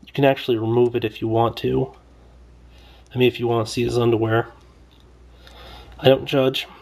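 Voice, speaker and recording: In a casual toy review vlog, a man with a medium-pitched, darkish voice looks over an action figure. He rambles loosely with lots of fillers and a wry, mildly complaining edge.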